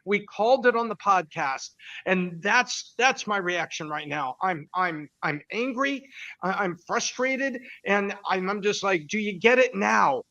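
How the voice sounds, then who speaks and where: A man on a podcast panel speaking forcefully, angry and frustrated. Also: sits high, animated, measured pace, dry recording, muffled recording. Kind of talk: panel discussion.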